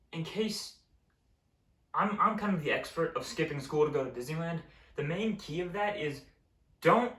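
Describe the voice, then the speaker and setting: A man's voice: medium pitch, fairly bright tone, far from the mic. A young man telling a school story in a casual vlog, exasperated and swearing freely. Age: young adult. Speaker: vlogger. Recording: roomy echo, set back from mic.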